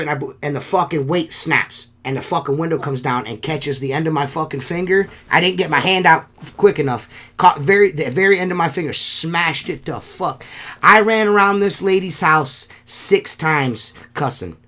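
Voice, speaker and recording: Bright, swearing storyteller man. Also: fairly high pitch, normal speed. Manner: profane, laughs often, animated storytelling. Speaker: podcast host. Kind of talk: casual chat.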